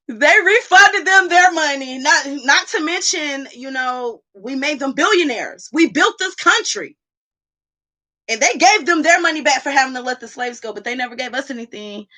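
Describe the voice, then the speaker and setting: Her voice sits high with a sharp tone as this woman vlogger, at home indoors, talks openly to her viewers. It's a lengthy, heartfelt, rambling casual monologue.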